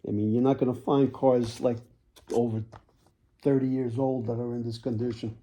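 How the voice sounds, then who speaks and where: A man selling toy cars in a casual video, with folksy sales patter, repeated words and frequent throat clearing. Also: medium pitch, flat delivery, moderate pace, mellow. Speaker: toy car seller.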